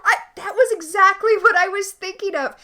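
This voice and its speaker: A woman's voice: very high-pitched, normal speed, sharp tone. A woman co-hosting a podcast, animatedly and enthusiastically recapping a TV episode in casual chat. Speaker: podcast co-host.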